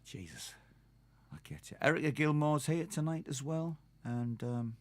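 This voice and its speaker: A man's voice: on the high side, measured pace, dry recording. A man with a Geordie accent, hosting a live stream and chatting in a rambling, self-mocking way to his viewers. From North East England. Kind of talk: casual chat to viewers.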